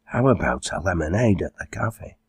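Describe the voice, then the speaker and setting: A man voicing a shy, bashful young girl in an audiobook, in a raised, husky voice. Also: sits low, lively intonation, moderate pace, no room sound, clean studio sound, exaggerated voice. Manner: quiet, bashful.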